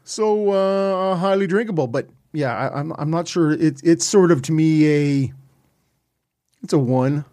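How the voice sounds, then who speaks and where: A man's voice: fairly high pitch, unhurried, darkish tone, no room sound. A man co-hosting a casual beer podcast, wry and joking, poking fun at himself. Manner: wry, joking, self-deprecating. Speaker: podcast co-host. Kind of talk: casual beer-tasting chat.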